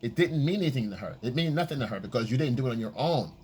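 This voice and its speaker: A man coaching on dating in a casual, profane monologue, acting out quoted lines in a high voice. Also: expressive, very fast, darkish tone, slightly rough.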